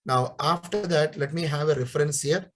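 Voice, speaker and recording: A young man leads a live coding class, his voice sitting a little high for a man. He repeats his questions, scolds students for careless mistakes and then cheers them on. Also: moderate pace. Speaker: programming teacher.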